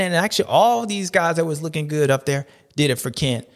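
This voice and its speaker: Man, recap host, casual slangy commentary, playful repetition, higher voice. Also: sing-song, fairly quick. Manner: slangy, playful, riffing and repeating phrases. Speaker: host of a supercross recap show.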